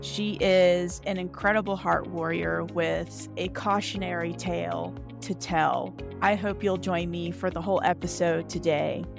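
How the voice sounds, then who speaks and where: A woman hosting a podcast, welcoming her guest warmly. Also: fairly low pitch, steady tone, a little slow, vocal fry, few pauses. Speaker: podcast host. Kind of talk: podcast intro and interview. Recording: intro over music.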